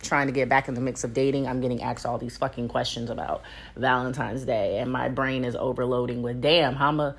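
A woman's voice: a bass voice, flat delivery, brisk, husky. A young woman hosting her own podcast, chatting casually and candidly, swearing freely and laughing often. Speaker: podcast host. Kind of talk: casual solo podcast chat.

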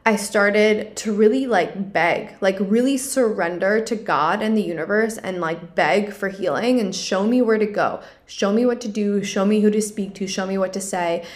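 A woman's voice: mid-range voice, normal speed, few pauses. A young woman hosting her own podcast, talking through a personal story in an earnest, confessional way, with lots of "like" fillers. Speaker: podcast host. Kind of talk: personal reflective monologue.

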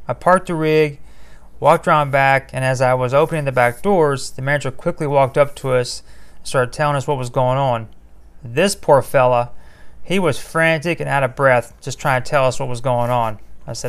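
A man with a mid-range, smooth and clean voice tells a story from his work as an EMT. He speaks casually and conversationally, turning to his listeners with blunt, profane asides. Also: medium pitch, moderate pace. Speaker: EMT telling a call story.

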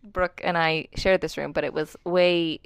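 A woman's voice: fairly low pitch, steady tone, unhurried, clean tone, no echo, studio quality. A woman from North Carolina hosting a casual family vlog podcast in her childhood bedroom on a tiny shared mic. She is chatty and laughs often. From Hickory, North Carolina.

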